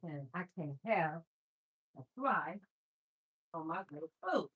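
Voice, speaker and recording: Slow-talking woman chatting while cooking. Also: low-pitched, slightly rough, muffled recording. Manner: animated storyteller, talks to viewers as "you guys". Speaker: livestream host. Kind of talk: casual cooking livestream chat.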